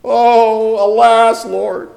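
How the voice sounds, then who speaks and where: A man putting on a pathetic, high-pitched whine for a despairing ancient male leader, read aloud in a sermon. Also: level tone, extremely slow, gravelly, a little mellow, full character voice. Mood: wailing. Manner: whiny, high, melodramatic lament.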